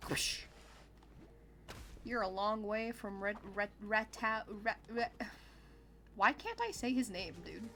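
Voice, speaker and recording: A woman's voice: mid-range voice, lively intonation, slow pace, long pauses, pushed and bright, slight background noise. A woman streamer giving casual gameplay commentary, chatty and giggly with sudden exclamations.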